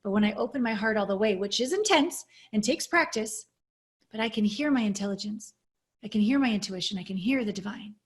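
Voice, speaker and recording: A woman's voice: medium pitch, lively intonation, brisk. A woman guest coach speaking in an interview, telling her personal story in an earnest, reflective and openly emotional way over a video call.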